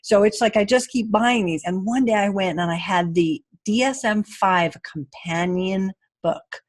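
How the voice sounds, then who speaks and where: A woman's voice: medium pitch, measured pace. A woman host in casual interview chat, candid and chatty, swearing casually.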